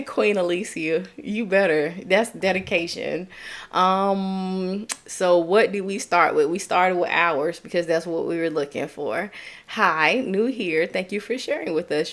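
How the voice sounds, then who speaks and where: A woman's voice: lowish voice, fairly bright tone. A young woman with a Southern US accent, tutoring nursing students on a live stream, chatty and upbeat, reading chat comments and checking in with "okay?". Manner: upbeat, chatty, drawn-out explaining with frequent "okay?".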